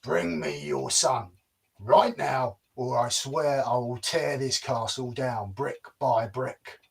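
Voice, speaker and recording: A man booming as a child-eating giant. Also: takes it slowly, gravelly, slightly rough, distant mic, full character voice. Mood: menacing. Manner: booming, gleeful, threatening. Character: huge menacing child-eating male giant.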